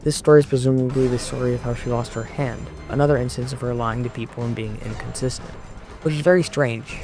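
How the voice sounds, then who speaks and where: A man giving a measured, explanatory scripted narration for an online video essay, recorded close to a mic. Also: mid-range voice, steady tone. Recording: voice-over with faint background music.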